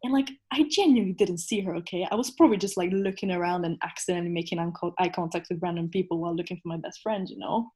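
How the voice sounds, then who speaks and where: A woman's voice: lowish voice, very fast, hardly any pauses, darkish tone. A young woman on a podcast, telling a story in casual chat, acting out quotes and laughing often. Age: young adult. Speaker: podcast host.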